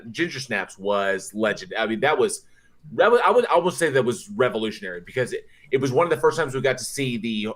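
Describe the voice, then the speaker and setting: A man's voice: medium pitch, a bit bright. A man co-hosting a horror podcast, reading viewer comments from a live chat and laughing often in casual, profane banter.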